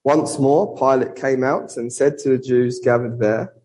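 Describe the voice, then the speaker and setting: An earnest man preaches a sermon and reads scripture aloud, with a mid-range voice. He poses rhetorical questions and slows down on key words. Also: mid-range voice, steady tone, dark tone, poor audio. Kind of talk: sermon with Bible reading.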